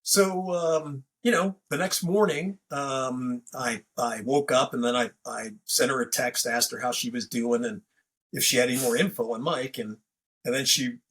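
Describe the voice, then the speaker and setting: A man's voice: mid-range voice, a bit bright, husky. A man hosting a podcast, telling a story in a rambling, casual way full of fillers and restarts. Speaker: podcast host.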